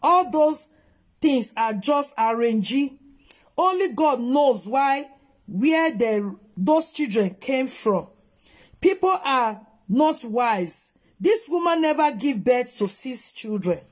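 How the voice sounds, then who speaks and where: Nigerian Pidgin-accented woman vlogger, higher husky voice, scolds hard while reacting to a clip. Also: lively intonation, takes it slowly. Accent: Nigerian Pidgin English. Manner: scolding, emphatic, switching between English and Pidgin. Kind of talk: reaction commentary on a video.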